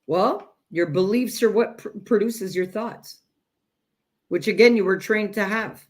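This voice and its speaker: A woman delivers a direct spiritual self-help talk with emphatic, deliberate phrasing. She drops into long pauses between ideas and speaks straight to her listeners. Her pitch sits in an ordinary middle range. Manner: emphatic, addresses listeners as "you guys". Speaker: self-growth teacher.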